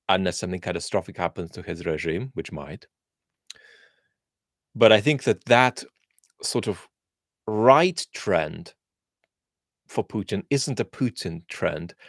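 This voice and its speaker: The low-voiced host, originally from Russia, fields viewer questions in a live chat, pondering aloud with many ums and false starts. The studio recording is clean, without echo.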